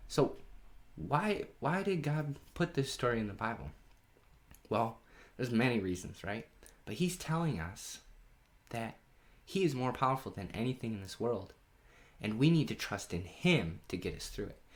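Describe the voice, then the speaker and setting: A man leading a children's Bible lesson from home, telling the story in an animated way and asking the kids questions. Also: mid-range voice, normal speed, long pauses. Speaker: children's pastor. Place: home during lockdown.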